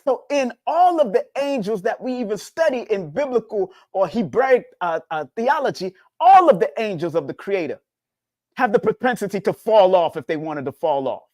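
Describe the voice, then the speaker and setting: A man giving a casual spiritual talk as a numerology teacher, preachy and repetitive, swinging his pitch up and down. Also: animated, moderate pace, darkish tone, dry recording, studio quality.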